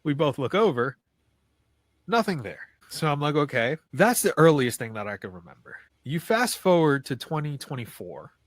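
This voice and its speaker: A man's voice: fairly high pitch, big pitch swings, moderate pace, no room sound. A man, telling a personal ghost story in a loose, conversational way as a podcast guest. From New York City. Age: 30s. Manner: loose and conversational, many "like" fillers and restarts. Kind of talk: casual storytelling of a paranormal experience.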